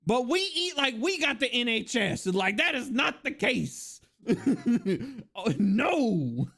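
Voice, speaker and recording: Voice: mid-range voice, takes it slowly, gravelly, slightly rough. A live-streamer from the United States ranting casually to chat, rambling and swearing freely. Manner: rambling, profane, lively. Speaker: livestreamer.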